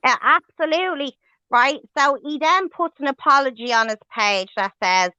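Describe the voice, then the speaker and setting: Woman livestream host, bright forceful voice, angry sweary rant, dry dull lo-fi audio. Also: high-pitched, moderate pace, no room sound.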